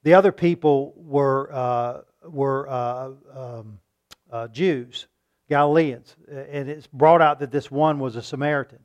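A man preaching a sermon, asking his listeners questions and acting out loud pleas now and then. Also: medium pitch, measured pace. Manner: shifts between calm teaching and loud acted-out pleading; rhetorical questions to the congregation.

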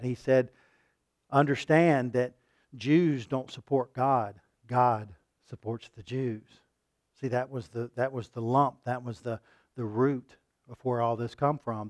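Emphatic preacher, man, dry sound. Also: no echo. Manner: swings between loud emphatic peaks and quiet low asides; asks the congregation questions, repeats words for emphasis. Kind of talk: sermon.

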